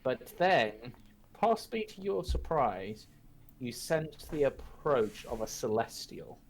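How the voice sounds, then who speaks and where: A man narrating a tabletop game as game master, in slow, measured descriptions. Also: medium pitch, very animated, rough recording.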